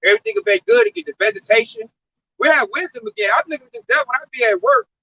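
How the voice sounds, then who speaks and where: A man in a casual religious talk, preaching in an animated, profane way. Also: very high-pitched, very fast, gravelly, no room sound, rough recording. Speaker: religious talk show speaker.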